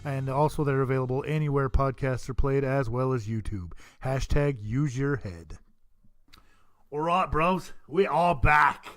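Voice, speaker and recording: A man's voice: medium pitch, a little slow, a bit bright, soft background music. A man hosting a casual podcast, joking with his co-hosts and filling gaps with "uh" as he talks. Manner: joking, laughs often, many fillers. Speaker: podcast host.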